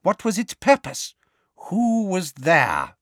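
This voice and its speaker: A man voicing a hearty, blustering middle-aged minister who is quick to anger. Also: sits high, wildly swooping pitch, dry recording, studio quality, pitched above the performer's own voice, full character voice.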